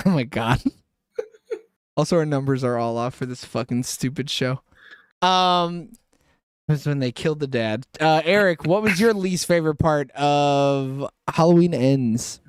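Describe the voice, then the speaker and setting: High voiced guy hosting a movie review podcast, laughs a lot, swears, dry close sound. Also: measured pace, smooth, no echo. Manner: laughs often, swears freely. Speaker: podcast host asking the review questions. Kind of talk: casual movie review chat.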